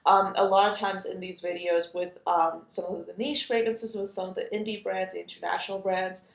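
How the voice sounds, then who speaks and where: Chatty woman with a gravelly voice. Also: medium pitch, level tone, a little fast, reverberant. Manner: chatty, amused, many fillers and asides. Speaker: fragrance reviewer. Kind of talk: casual chat.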